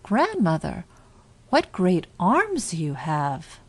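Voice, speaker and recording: A woman voicing an innocent little girl in a storybook reading, with quick, eager lines. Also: on the low side, huge pitch swings, breathy edge, heavily acted. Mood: wondering.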